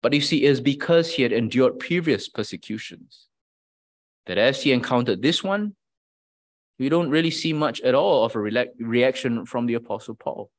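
A man preaching a sermon in an earnest, emphatic way, asking rhetorical questions and often repeating words as he builds his point. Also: medium pitch.

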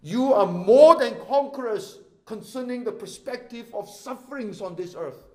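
Impassioned Singaporean pastor, high voice. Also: male voice, lively intonation, moderate pace, echoey room. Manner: impassioned, swinging from hushed to loud. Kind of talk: sermon. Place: church sanctuary.

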